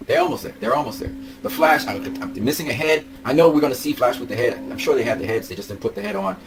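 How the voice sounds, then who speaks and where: A young man vlogs about collectible figures, gushing excitedly, repeating himself, and breaking into laughs and shouts. His voice is mid-range and fast, with background noise behind him.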